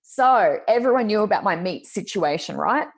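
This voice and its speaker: A woman hosts a relaxed conversation, and she tells her stories in a lively, dramatic way. Her voice sits at a middle pitch. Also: normal speed, breathy edge. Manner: animated, dramatic storyteller. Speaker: podcast host. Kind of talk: casual chat, storytelling.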